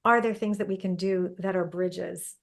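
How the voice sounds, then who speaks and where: A woman's voice: lowish voice, fairly even intonation, normal speed, gravelly. Reflective woman hosting a chat. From Canada. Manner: reflective, thinks aloud with frequent restarts. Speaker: podcast host. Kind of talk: casual conversational interview.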